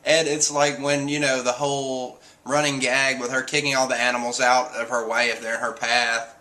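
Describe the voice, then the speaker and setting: A man casually recapping a comic chapter, animated, often laughing and acting out lines in squeaky voices. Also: moderate pace. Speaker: manga chapter reviewer.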